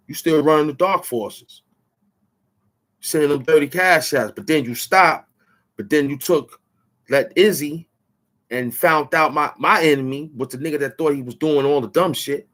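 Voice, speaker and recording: A man's voice: fairly high pitch, moderate pace, fairly bright tone. Taunting man ranting to the camera. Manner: taunting, rambling, boastful. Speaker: channel host. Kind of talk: trash-talking rant at the camera.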